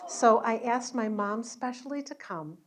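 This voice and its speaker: An educational entertainer speaks in a fairly high, animated voice at a slightly slow pace. After her show, she chats with a luncheon crowd in an event hall, telling warm stories and laughing along.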